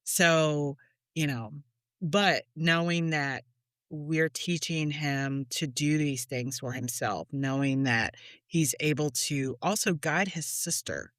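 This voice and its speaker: Talk it out slowly like a mom sharing a funny story with friends, laughing along as you go, woman's voice, no room sound. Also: low-pitched, fairly bright tone, no room sound, clean studio sound. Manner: chatty storyteller, laughs often. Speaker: podcast co-host, mother. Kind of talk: casual parenting chat.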